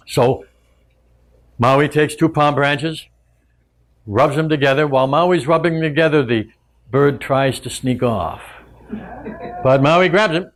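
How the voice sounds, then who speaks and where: A man telling a traditional tale to a live audience in a relaxed, conversational way with frequent asides. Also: a little high, measured pace, long pauses. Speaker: storyteller and teacher. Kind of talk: oral storytelling to a live audience.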